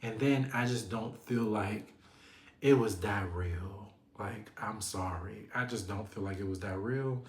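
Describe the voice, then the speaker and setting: A man's voice: measured pace, roomy sound. Sassy man recapping reality TV. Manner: sassy, animated, acts out the cast in high voices. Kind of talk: casual recap commentary.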